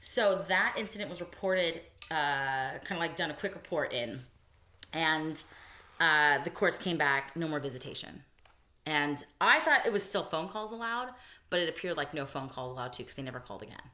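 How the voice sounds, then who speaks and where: A woman co-hosting a podcast, telling a personal story in casual chat and voicing the people she quotes. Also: moderate pace. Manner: animated storytelling, voices quotes with big pitch jumps. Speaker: podcast co-host. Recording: echoey room, early podcast audio.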